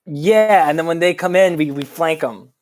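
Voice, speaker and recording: A man's voice: a little high, moderate pace. A man playing in a tabletop role-playing game, joking and eager. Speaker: player. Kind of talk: casual tabletop game talk.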